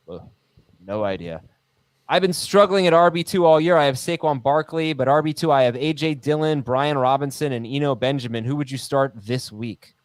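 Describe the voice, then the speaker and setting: A man's voice: mid-range voice, dry recording. A man hosting a casual sports podcast, joking around and reading listener emails aloud with laughs. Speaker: podcast host.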